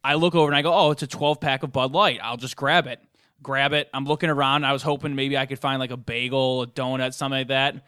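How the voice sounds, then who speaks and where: Bright, dry-sounding young man. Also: medium pitch, fast talker, clean tone, no room sound. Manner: animated, self-mocking storyteller. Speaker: podcast co-host. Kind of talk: casual storytelling among friends.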